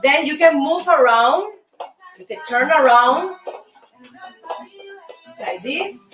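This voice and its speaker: A high-pitched woman with a Cuban Spanish accent leads a dance lesson, speaking slowly and counting the beats aloud in an upbeat, coaxing way. She sounds set back from the mic in an echoey room, with faint music behind her. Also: expressive, recorded from a distance. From Cuba. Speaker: host and dance teacher.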